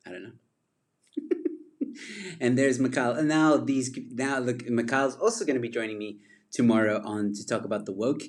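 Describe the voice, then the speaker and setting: A man's voice: mid-range voice, moderate pace, long pauses. A man hosting a casual livestream chat, rambling from topic to topic and laughing often at his own jokes. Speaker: livestream host.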